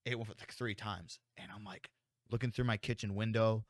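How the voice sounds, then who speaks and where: A man's voice: on the low side, fairly quick, dry recording, studio quality. A young man co-hosting a podcast, telling a story in casual chat, swearing a lot and acting out what people said. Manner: animated, swears a lot, acts out quotes. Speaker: podcast co-host.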